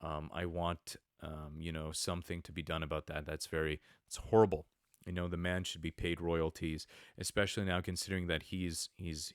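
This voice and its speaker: Brief: male podcast host, very low smooth voice, rambling sarcastic commentary. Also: no room sound, clean studio sound. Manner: rambling, many fillers, sarcastic asides. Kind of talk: casual commentary monologue.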